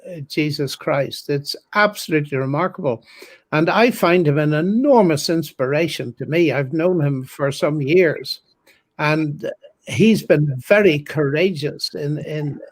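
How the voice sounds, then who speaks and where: An older man, a guest in an interview, telling stories in a measured, formal and emphatic way. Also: fairly high pitch. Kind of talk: conversational interview storytelling.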